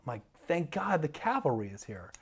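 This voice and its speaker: A man's voice: on the high side, sing-song, fairly quick, breathy edge. Rambling man telling a story. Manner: rambling, many fillers and restarts, acts out voices. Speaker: podcast guest, TV producer. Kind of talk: animated storytelling.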